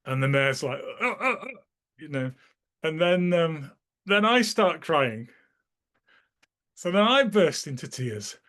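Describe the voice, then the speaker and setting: A man's voice: fairly high pitch, animated, slow, pauses often, fairly bright tone. Rambling man telling old stories. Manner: rambling storyteller who restarts sentences often; acts out the people in his stories. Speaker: interviewee sharing memories. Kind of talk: casual spoken recollection.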